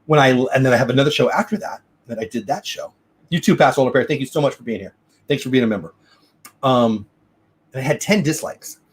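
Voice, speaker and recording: A man hosts a relaxed livestream from home, reading and answering viewer comments with eager enthusiasm. His voice is slightly husky and sits at a middle pitch. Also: fast talker. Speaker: livestream host. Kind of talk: casual livestream chat. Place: home room. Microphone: desk mic.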